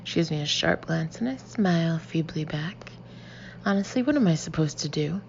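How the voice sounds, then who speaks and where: A woman reading a first-person novel as an audiobook, expressive and slipping into breathy whispered asides. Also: sits low, normal speed, dull audio, a little hiss or hum. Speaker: audiobook reader.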